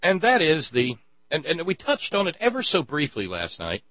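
Sarcastic guy ranting politics, low voice all over the place, dry humming lo-fi sound. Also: wildly swooping pitch, moderate pace, dry recording. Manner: sarcastic, stammering restarts. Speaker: show host. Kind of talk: political commentary monologue.

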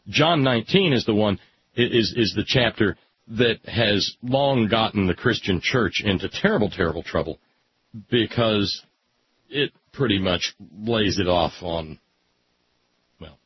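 A man reading aloud with sardonic, deadpan asides. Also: lowish voice, measured pace, long pauses, a little hiss or hum. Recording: dull lo-fi recording.

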